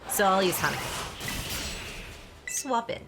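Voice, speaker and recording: A woman's voice: medium pitch, lively intonation, slow. A woman chatting casually while playing a video game, thinking aloud and giggling. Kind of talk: casual gameplay chat. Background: game music.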